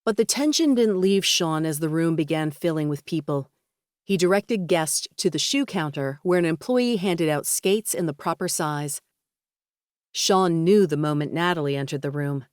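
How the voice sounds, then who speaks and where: A woman reading a romance audiobook in a steady, even storytelling voice on a close studio mic. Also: low voice, normal speed, no echo. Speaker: audiobook narrator. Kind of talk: scripted narration.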